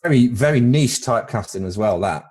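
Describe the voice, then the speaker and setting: A British man co-hosting a casual film podcast speaks animatedly and a little fast, his medium-pitched voice darkish in tone. He's full of jokes and tends to ramble, repeating words as he thinks.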